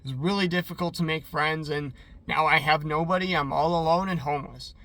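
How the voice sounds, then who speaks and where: A man's voice: on the high side, steady tone, a little fast, bright, forceful tone, no room sound. A man doing a lonely homeless man, earnestly pleading. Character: homeless male immigrant giving sincere advice.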